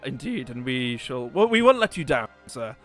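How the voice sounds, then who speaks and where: A man voicing a sly, flattering adventurer who talks in halting, overly polite phrases. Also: medium pitch, soft background music. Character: flattering fast-talking male adventurer, sly.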